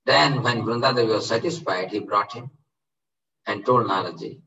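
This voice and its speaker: A man tells a devotional story at an unhurried pace, pausing often on fillers. His low voice has a gravelly grain. The sound is distant and muffled, as if taken from across a room. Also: bright, forceful tone. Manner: slow, hesitant, many fillers. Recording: distant dull lo-fi.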